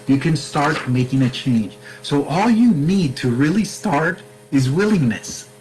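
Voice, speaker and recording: A man's voice: fairly high pitch, animated, a little slow, a little mellow, faint music behind, poor audio. A man speaking earnestly to camera as a sobriety coach, stressing his points with repetition and addressing the viewer directly.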